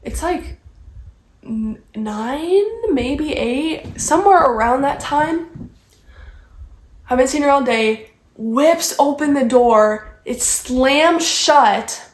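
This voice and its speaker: High-voiced young woman rambling a story. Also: lively intonation, takes it slowly. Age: young adult. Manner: rambling, heavy use of "like". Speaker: vlogger. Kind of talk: casual storytime chat. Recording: echoey room.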